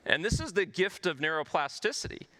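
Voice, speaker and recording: Animated bright-voiced male physician presenting. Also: high voice, a little fast. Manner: earnest, explanatory, narrates patient stories. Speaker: physician giving a conference talk. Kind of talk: conference presentation. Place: stage at a health conference.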